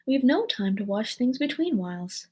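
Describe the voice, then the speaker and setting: A woman's voice: on the high side, sing-song, normal speed, darkish tone, husky, voice pushed up. Woman doing a rude, smug Hatter. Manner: sighing, rude, triumphant.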